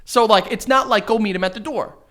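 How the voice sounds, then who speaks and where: A man's voice: high voice, fairly quick. A man co-hosting a casual podcast chat, telling a story with lots of swearing and acted-out dialogue. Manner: animated storyteller, swears freely, acts out quoted dialogue. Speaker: podcast co-host.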